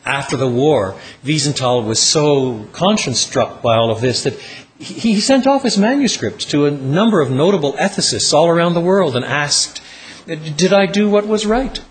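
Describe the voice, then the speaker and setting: A man preaching a sermon with dramatic storytelling, dropping low and slowing down on key words. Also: lively intonation.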